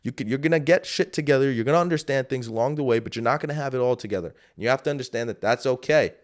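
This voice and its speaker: Male solo podcast host, mid-pitched, casual and profane, rambling motivational delivery. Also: rapid-fire. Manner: loose, rambling, frequent swearing and fillers. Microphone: camera setup.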